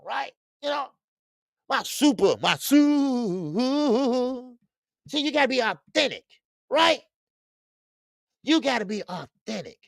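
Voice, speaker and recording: Gravelly, animated boxing show host. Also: male voice, extremely high pitch, dry recording, clean studio sound. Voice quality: loud, animated, profane, repeats himself. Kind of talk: casual live-stream commentary, reading chat.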